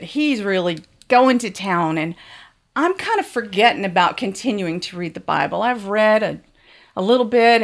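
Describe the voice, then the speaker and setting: A woman frankly telling a bawdy, comic first-person story. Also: mid-range voice.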